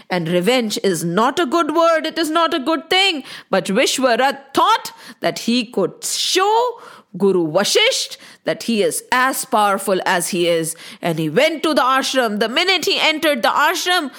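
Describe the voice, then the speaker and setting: A woman narrating a children's story with big, animated swings in pitch. She asks the listeners questions and adds playful sound effects. Her voice sits high.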